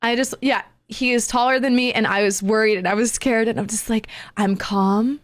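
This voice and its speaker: A woman streamer excitedly retelling a story to her chat in casual talk, with gamer slang. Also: a little high, brisk, no room sound.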